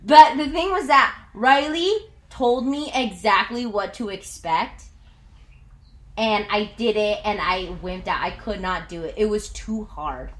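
A woman pastor telling a personal story during a sermon, animated and self-mocking, with lots of "like". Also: mid-range voice, measured pace. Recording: echoey room.

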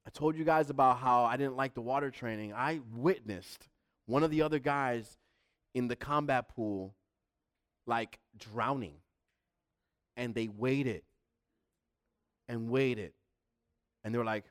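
A man's voice: mid-range voice, measured pace, long pauses. A man preaching a sermon in a fervent, emphatic style, driving points home through repetition.

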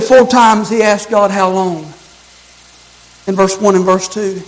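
A preacher man delivers a fervent sermon in a very high, gravelly voice. He calls out to the congregation and climbs into shouts at the peaks. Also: low-quality recording. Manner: rising to shouts, call-and-response preaching.

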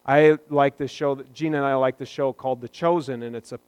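A man's voice: medium pitch, steady tone, brisk, a little mellow, smooth, no echo. A man preaching a sermon as a pastor, talking in a conversational way with joking asides.

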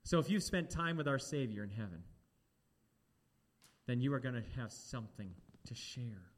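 A man preaching a sermon, animated and talking straight to the congregation with questions. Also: mid-range voice, normal speed.

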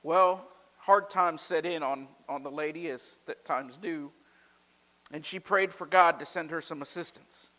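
A high, bright-voiced man preaches to his congregation, telling stories with lively, loudly acted quotes. His voice rings with long reverb, as in a large hall. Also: moderate pace. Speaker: pastor. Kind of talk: sermon.

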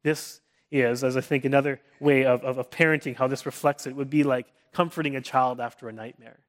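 A man in his thirties preaching an earnest sermon, often restarting his phrases and dropping to a soft hush for comforting words. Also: medium pitch, steady tone, fast talker. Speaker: pastor.

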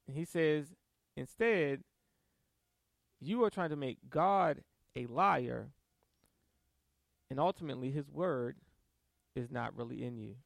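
A man preaching a sermon, emphatic and animated, reading verses and adding quick asides with soft laughs. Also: mid-range voice, creaky, dry recording. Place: church service.

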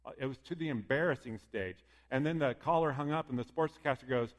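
Male preacher, mid-pitched, chatty sermon delivery, long hall reverb. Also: brisk. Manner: lively, conversational, acts out quoted voices.

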